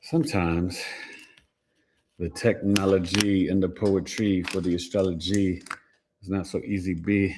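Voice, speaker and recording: A man with a deep, low voice hosts a relaxed livestream from home. He chats casually and playfully, tossing in slang and little rhymes. Now and then he slips into quick quoted voices to make a point. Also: background noise. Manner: playful, slangy, rhyming asides. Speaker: astrology livestream host.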